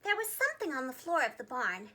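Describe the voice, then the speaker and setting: A young woman, a preschool teacher, reading a children's storybook aloud with an expressive delivery. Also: high-pitched, fast.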